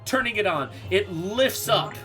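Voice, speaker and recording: A man's voice: sits high, lively intonation, a little slow, sharp tone, faint music behind. A man narrating a tabletop game as game master, loose and rambling with lots of fillers.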